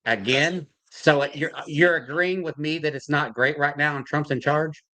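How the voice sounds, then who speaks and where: A man's voice: on the high side, moderate pace, bright, forceful tone. A man hosting a heated online debate, confrontational and cutting in. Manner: confrontational, interrupting.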